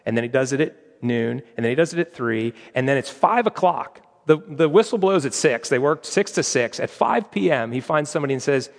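A man's voice: medium pitch, lively intonation, fairly quick, few pauses, in a large hall. A man preaching an earnest sermon, acting out the voices in the stories he tells. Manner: earnest, acts out quoted voices. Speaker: pastor.

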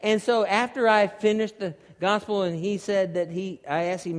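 A man preaching a sermon, telling a story with animated energy and climbing almost to shouts at its peaks. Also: sits high, a little fast, hardly any pauses. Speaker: pastor. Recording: long hall reverb.

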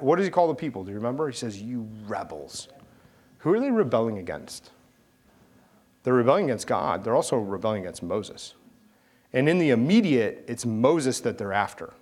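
A man preaching, reading scripture aloud and explaining it, often asking his listeners questions. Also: medium pitch. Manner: conversational, asks the listeners questions.

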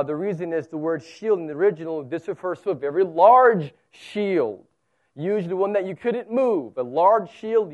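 Male pastor with a high voice, earnest and explanatory in his sermon, heard on a dull recording. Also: a little mellow. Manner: earnest, explains scripture plainly, voice swells and drops. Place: church service held in a zoo venue.

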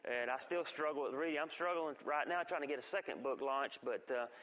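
A man giving a folksy church testimony, telling stories with halting restarts. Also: fairly high pitch, a bit bright. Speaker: guest speaker giving testimony. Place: church sanctuary. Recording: long reverb of a church hall.

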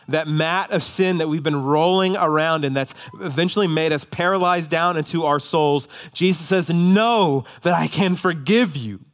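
Pastor, male, fairly high voice, preaching with big swings from forceful emphasis to quiet, hushed appeals. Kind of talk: sermon.

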